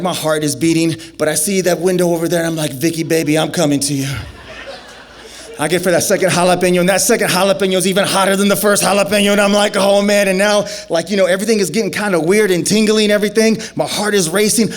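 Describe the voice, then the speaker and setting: Young guy telling a story on stage, kinda high voice, acts out the dialogue big and loud. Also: quick pace, few pauses. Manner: animated, acts out dialogue with big swings into high excited shouts. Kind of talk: personal story told on stage.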